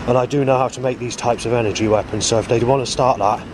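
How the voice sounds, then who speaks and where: A man's voice: mid-range voice, steady tone, fast, background noise. A man in his forties, recording a rambling monologue to camera outdoors and circling back over his words. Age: 40s. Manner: rambling, repetitive, with frequent restarts. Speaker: vlogger.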